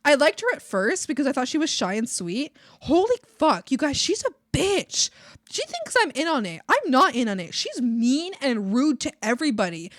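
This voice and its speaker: A young woman streamer venting to her chat in a casual, profane, animated rant, mocking other people's voices as she goes. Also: sits high, moderate pace, no echo, clean studio sound. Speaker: art streamer. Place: home streaming setup.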